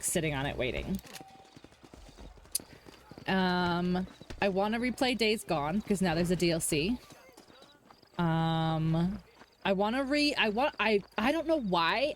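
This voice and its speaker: A woman streamer talks over her game in loose, rambling chatter, cursing freely as she plays. Her voice sits at an ordinary pitch, with a faint hiss behind it. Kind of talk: casual gaming commentary.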